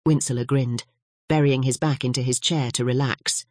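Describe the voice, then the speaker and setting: An audiobook narrator giving scripted, measured narration of a novel. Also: mid-range voice, no room sound, studio quality. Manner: measured, even storytelling.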